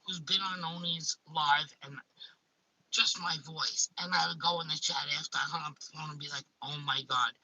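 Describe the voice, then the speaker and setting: A woman's voice: low-pitched, steady tone, normal speed, sharp tone, low-quality recording. A woman with a Staten Island accent hosting a casual live stream. She talks bluntly, swears freely and often restarts her sentences. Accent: Staten Island, New York.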